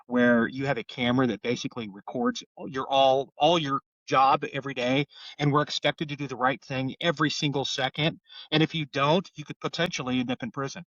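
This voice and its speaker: A man's voice: mid-range voice, a bit bright, dry recording, recorded from a distance. A middle-aged homicide detective with an Oklahoma accent talks earnestly and repeats words as he tells stories. His voice sits a little back from the mic. The room is dry, and the sound is slightly muffled. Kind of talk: podcast interview storytelling.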